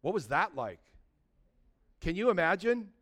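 Speaking at a measured pace in a high-pitched voice, a male pastor preaches a sermon. It is lively and conversational, heavy on rhetorical questions, with swings from loud emphasis down to hushed tones.

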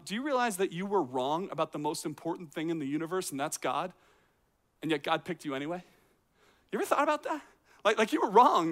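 This man's voice is high and a little bright. A teaching pastor, he delivers a sermon in a conversational style out in a courtyard, leaning on rhetorical questions and playacted responses.

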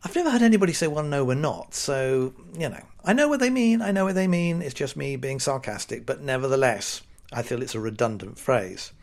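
A British man hosts a solo podcast in a chatty, wry manner. His pitch rises and falls a lot as he mocks everyday phrases in put-on voices. His voice sits in the middle range for a man. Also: lively intonation, fairly quick, creaky, few pauses. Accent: British English. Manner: wry, sarcastic, chatty with mock-quoted voices. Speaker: podcast host. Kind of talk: casual solo podcast monologue.

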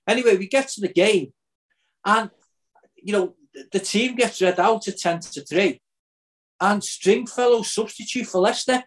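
A man's voice: high voice, moderate pace. Older liverpool guy on a podcast, chatty, telling a story. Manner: animated storyteller. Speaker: podcast host. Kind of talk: casual chat, storytelling.

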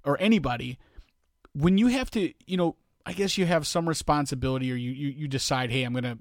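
A man co-hosting a podcast in casual chat, talking in a relaxed, reflective way and chiming in to agree. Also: fairly high pitch, fairly quick, no room sound, clean studio sound. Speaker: podcast co-host.

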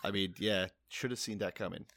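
A man's voice: lowish voice, steady tone, fairly quick, fairly bright tone. A young man in casual podcast chat, explaining a reading with wry, casual swearing.

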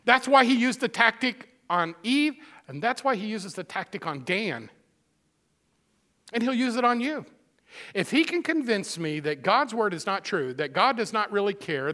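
Bright high-voiced male preacher. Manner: emphatic, repeats phrases for stress; conversational asides to the congregation. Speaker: pastor. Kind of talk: sermon.

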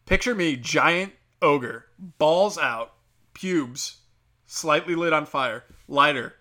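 A man with a slightly high, bright and forceful voice rants alone to his listeners. He swears freely and wanders from one gripe to the next in a loose, offhand way. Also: animated, unhurried. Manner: crude, profane, rambling rants. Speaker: podcast host. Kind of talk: casual solo monologue.

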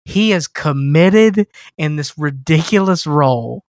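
A man's voice: a little high, lively intonation, measured pace, a little mellow, dry recording, clean studio sound. A man co-hosting a podcast in casual chat, laying out facts emphatically. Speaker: podcast co-host.

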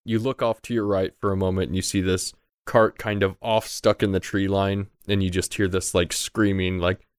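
A man's voice: sits low, little pitch movement, moderate pace, few pauses, clean tone, no room sound, clean studio sound. A young man narrating as game master of a tabletop game in a casual, loose way.

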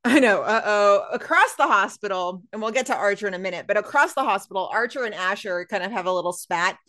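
A woman's voice: medium pitch, fast talker. Chatty woman recapping a TV episode. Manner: chatty, lively, retells scenes with quoted lines. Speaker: podcast co-host. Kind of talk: casual chat recapping a TV episode.

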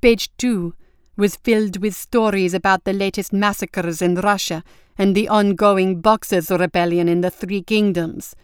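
A woman voicing a sly young countess who speaks slowly with mock-polite innocence. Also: mid-range voice, fairly even intonation, clear, resonant tone, no room sound, studio quality, natural voice. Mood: pointed.

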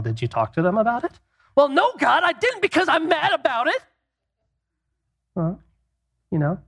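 A man giving a relaxed Christian teaching on marriage, speaking conversationally with many rhetorical questions and casual asides. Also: on the high side.

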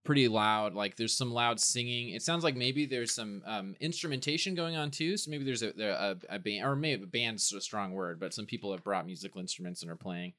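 Man, game master, bright voice, easygoing, improvised narration. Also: on the low side, lively intonation, brisk, few pauses.

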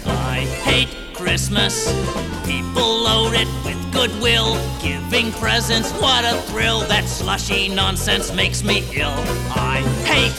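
A man voicing a grumpy male puppet grouch, singing a grumbling song clip in a gravelly voice. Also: high voice, lively intonation, slow pace, exaggerated voice. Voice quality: gravelly, growling. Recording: song clip with guitar backing. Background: guitar music.

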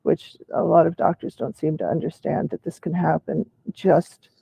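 A man in a casual chat who speaks haltingly and often restarts his sentences. He uses clinical terms, and his vocal cords are weak and do not close properly. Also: fairly high pitch, little pitch movement, gravelly, mellow, slightly rough, no room sound. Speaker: participant in a patient discussion.

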